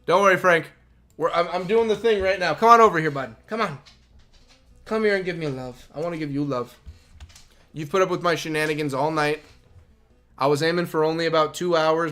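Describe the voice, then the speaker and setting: Guy streaming a game, hyped and laughing a lot, sharp higher voice, bit of game music behind. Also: a little fast, pauses often. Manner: excitable, laughs often, talks to his dog. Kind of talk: live game stream commentary.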